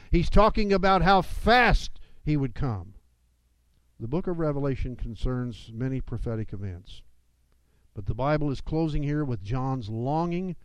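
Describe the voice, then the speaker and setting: A man's voice: mid-range voice, dry recording, poor audio. A man preaching a sermon as pastor, with emphatic delivery that rises and falls.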